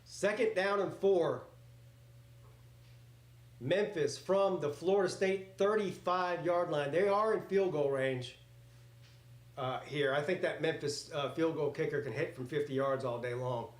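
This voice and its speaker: A man hosts a casual live reaction stream, calling plays as they happen in a rambling, excitable manner that drifts into swearing. His voice is on the high side and unhurried, and his home setup sounds roomy and echoey.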